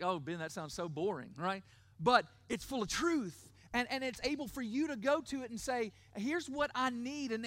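A middle-aged male pastor giving a sermon. He stresses key words, slows down to repeat them, and often checks in with "right?". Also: very high voice, a bit bright, dry recording. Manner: emphatic, repeats key words slowly, asks the crowd "right?".

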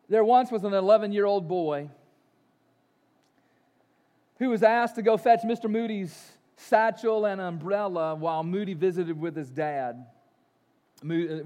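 Man, pastor, sermon, high voice, shifts from loud emphasis to quiet slow lines. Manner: storytelling preacher, swings between loud emphatic and soft slow lines.

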